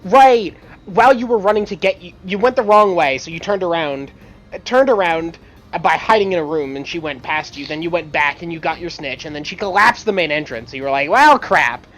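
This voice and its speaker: A woman's voice: fairly low pitch, a little fast, rough recording. A woman who plays in a tabletop game, chatting casually and breaking in to correct details of the recap.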